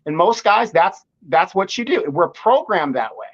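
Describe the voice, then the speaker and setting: High-voiced man on muffled remote audio. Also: expressive, moderate pace. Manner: repeats words when starting a point, firm and opinionated. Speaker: guest commentator. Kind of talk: live online discussion.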